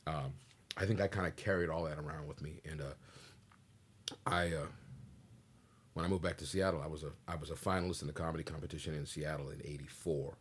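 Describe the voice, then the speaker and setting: A man in his sixties from the Pacific Northwest, a stand-up comedian telling a slangy, animated story in a casual interview and acting out the dialogue. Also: extremely low pitch, a little fast, pauses often, husky.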